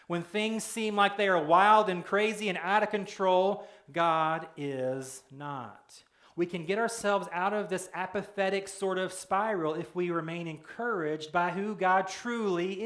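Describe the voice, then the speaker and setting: High-voiced pastor preaching in an echoey room. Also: male voice, a bit bright. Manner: conversational, joking asides, acts out quoted voices. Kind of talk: sermon.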